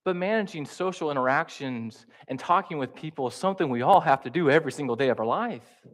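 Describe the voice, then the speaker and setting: A man preaching in a church with a slightly high voice. His delivery is relaxed and conversational, and he keeps it light with humor, acting out the voices he quotes. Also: quick pace. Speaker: pastor teaching a class. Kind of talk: sermon.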